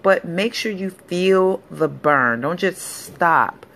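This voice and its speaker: In a casual fitness vlog, a woman with a low, deep-set, creaky voice that's a bit bright walks through leg exercises as an upbeat, encouraging personal trainer. She speaks slowly in a chatty, relaxed way, with faint background noise under her voice.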